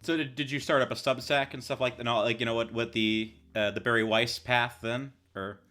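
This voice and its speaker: A man's voice: medium pitch, fairly even intonation, a little fast, pushed and bright, soft background music. A man hosting a casual podcast, asking long, rambling questions.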